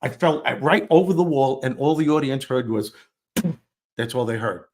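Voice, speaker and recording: A man telling a funny childhood story in a relaxed interview, self-deprecating and animated, acting out the lines he quotes. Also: mid-range voice, normal speed. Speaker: guest storyteller. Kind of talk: conversational storytelling.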